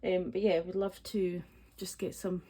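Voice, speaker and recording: A woman's voice: lowish voice, little pitch movement, unhurried, mellow, slightly rough, low-quality recording. A Scottish woman in her forties, chatting casually and counting money aloud, rambling with lots of ums. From Scottish Highlands. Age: 40s. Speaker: budgeting vlogger. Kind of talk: casual chatty voice-over while cash stuffing.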